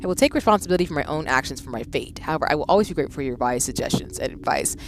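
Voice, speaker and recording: A woman's voice: low-pitched, lively intonation, rapid-fire, slight background noise. A woman voicing a proud, stubborn young noblewoman villainess, reading game dialogue in a formal, self-assured manner. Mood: indignant.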